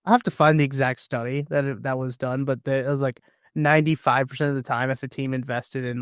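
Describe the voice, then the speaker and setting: A man's voice: medium pitch, quick pace, clear, resonant tone, no echo. Chill guy on a sports podcast, middle voice, lots of likes, dry close mic. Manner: relaxed, agreeable, many fillers. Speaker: podcast co-host. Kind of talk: casual sports chat.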